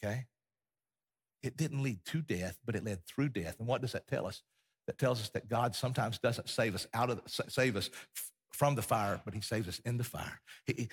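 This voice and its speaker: Bright, husky-voiced preaching man. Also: medium pitch. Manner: animated storyteller, acts out scenes, drops to quiet intensity. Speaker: pastor. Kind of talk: sermon.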